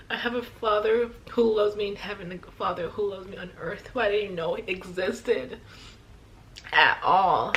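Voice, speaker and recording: A woman's voice: fairly high pitch, fairly bright tone, a little hiss or hum. Emotional young woman telling her story. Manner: emotional, heartfelt, many sighs and pauses. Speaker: vlogger. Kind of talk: personal storytime.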